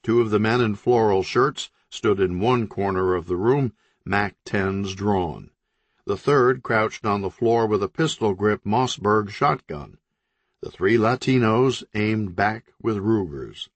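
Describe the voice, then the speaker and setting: Deep-voiced man narrating deadpan. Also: slow, no room sound. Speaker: audiobook narrator. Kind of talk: scripted narration.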